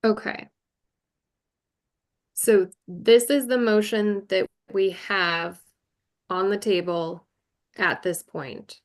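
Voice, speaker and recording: A woman's voice: medium pitch, steady tone, takes it slowly, long pauses. A woman chairing a virtual board meeting, talking through procedure carefully and thinking aloud.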